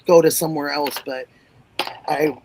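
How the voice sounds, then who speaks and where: A woman hosting a casual livestream over a video call, talking in a chatty, drawn-out storytelling way. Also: low-pitched, steady tone, noisy background. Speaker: livestream host.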